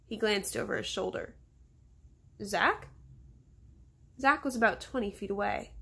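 At home, a woman reads aloud from her children's novel in a mid-range, slightly bright voice, giving the boys' lines small voice shifts. She pauses to talk to her dog, then continues reading.

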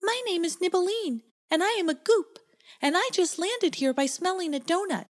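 A woman voicing a friendly, cheerful little goop girl in a children's storybook, speaking eagerly and brightly. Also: very high voice, lively intonation, normal speed, voice pushed up.

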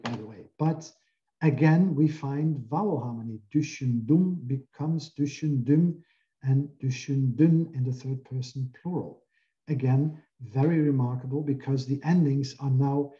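A man from Belgium giving an academic lecture, explaining carefully with frequent pauses over a video call. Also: medium pitch, warm tone, muffled recording.

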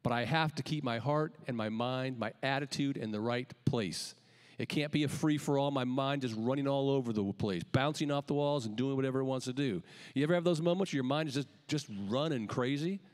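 A male pastor delivers an emphatic sermon in a middle-pitched voice. He swings between rising calls and quiet, dropped phrase endings. His voice carries a long reverb through the church sanctuary. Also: a little fast.

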